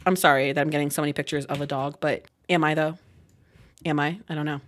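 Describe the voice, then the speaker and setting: A young woman casually commenting while she plays a life-sim game, chatty and giggly, breaking into high squeals over cute moments. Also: fast. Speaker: gaming video creator. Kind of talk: casual let's-play commentary.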